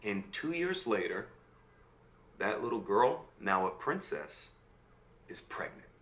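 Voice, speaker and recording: A man telling a fairy tale aloud in an animated way, often checking in with his listener. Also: fairly low pitch, slow, heavily acted. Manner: animated, checks in with "right?" and "okay?". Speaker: storyteller. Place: room on a video call. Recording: roomy room sound.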